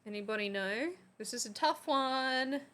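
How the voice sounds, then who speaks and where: A woman's voice: sits high, a little slow, a bit bright. An Australian woman chatting casually on a live stream, quizzing her chat like a teacher. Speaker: substitute streamer.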